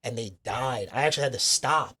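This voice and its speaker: New guy rambling thru a story, swears a lot, says like constantly, average pitch. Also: brisk, sharp tone, breathy edge. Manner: profane, rambling, lots of fillers. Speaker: comedian guest. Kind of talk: casual storytelling chat.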